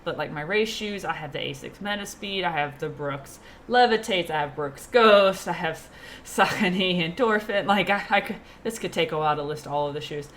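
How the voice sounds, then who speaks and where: A woman's voice: fairly low pitch, normal speed, fairly bright tone, a little hiss or hum. A woman guest talking casually and enthusiastically about running, laughing easily. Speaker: podcast guest, teacher and runner. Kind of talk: casual chat.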